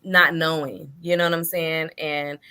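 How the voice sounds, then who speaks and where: A woman's voice: low voice, steady tone, measured pace, bright, forceful tone, clear, resonant tone. A woman guest author speaking over a video call in a casual interview. She talks hesitantly, with many fillers and "you know"s.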